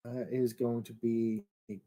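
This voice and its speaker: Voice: mid-range voice, little pitch movement, unhurried, warm tone, rough recording. A player in a tabletop game, talking hesitantly while thinking through a move. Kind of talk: casual tabletop game chat.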